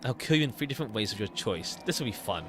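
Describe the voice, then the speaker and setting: A man voicing a vengeful young woman who calmly makes cruel threats. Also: on the low side, quick pace, noisy background, close to an everyday voice. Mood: menacing. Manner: calm, gleeful threats.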